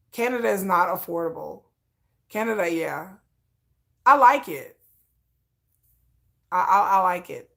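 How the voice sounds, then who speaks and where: Gravelly low-voiced middle-aged woman. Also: fairly bright tone. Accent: Texan-tinged. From Michigan. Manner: frank, rambling, repeats words and restarts. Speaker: interviewee. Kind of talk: candid personal talk.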